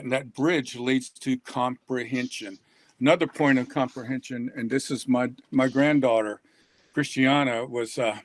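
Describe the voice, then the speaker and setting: A man's voice: mid-range voice, fairly bright tone, no room sound. An older man, an author and reading educator, talking in a folksy, rambling way and chuckling often. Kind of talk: casual online talk.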